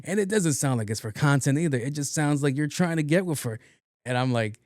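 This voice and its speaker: A young man hosts a casual solo podcast. His talk is loose and full of profanity, rambling through fillers at a mid pitch. The sound is close and dry, with no room in it. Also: lively intonation, fairly quick, a little mellow, dry recording. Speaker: podcast host.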